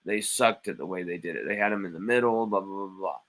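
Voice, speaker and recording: A man's voice: sits low, fast, a bit bright, rough recording. A man hosting a live sports stream, reading chat comments aloud and arguing back with playful mock indignation.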